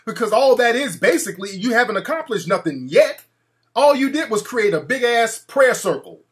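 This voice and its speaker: A man's voice: very high-pitched, sing-song, moderate pace. A male talk show host ranting in a brash, profane, mocking way.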